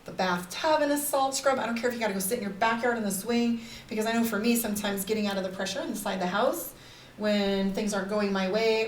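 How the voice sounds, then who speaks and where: A woman's voice: medium pitch, a little hiss or hum. A woman, a psychic and life coach, talking candidly and rambling to viewers on a casual live stream, with frequent "like" and "right?". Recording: roomy echo, somewhat far from the mic.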